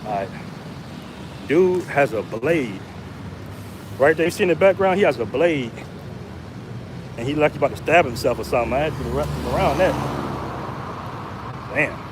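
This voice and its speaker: An American man vlogs in a loose, slangy way and gets animated when he retells conversations. His voice sits a little high for a man. The recording is noisy, with street traffic clearly audible behind him. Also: moderate pace, long pauses. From United States. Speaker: vlogger. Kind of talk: casual vlog storytelling.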